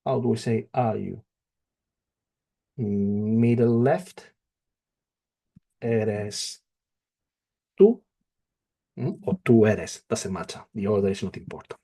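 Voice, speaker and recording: Very slow, husky male teacher. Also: fairly low pitch, animated, warm tone. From not from England. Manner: slow and patient, repeating each phrase. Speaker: Spanish teacher. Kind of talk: slow spoken language lesson.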